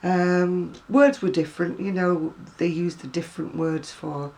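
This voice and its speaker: Gravelly Manchester woman chatting. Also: lowish voice, fairly even intonation, a little slow, darkish tone. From Northern England. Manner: chatty, laughs often, uses fillers. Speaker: vlogger. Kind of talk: casual chat to camera.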